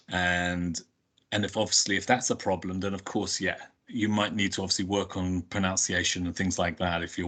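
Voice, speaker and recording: A man's voice: low voice, a bit bright. A man giving a webinar talk as a public speaking coach, earnest and repetitive with frequent restarts. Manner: earnest, repeats words and restarts.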